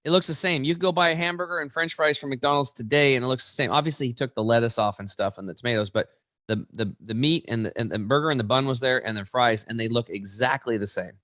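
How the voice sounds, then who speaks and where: This male interview guest talks quickly and with animation, performing the voices of those he quotes as he tells his story and starting his sentences over again and again. His pitch is medium. The audio is of studio quality, free of any room sound.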